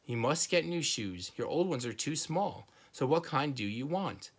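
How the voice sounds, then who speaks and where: A man's voice: mid-range voice, lively intonation, unhurried. A man reading aloud, voicing a fussy mother who frets and scolds. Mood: firm. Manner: fretful, scolding. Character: fussy, easily embarrassed mother.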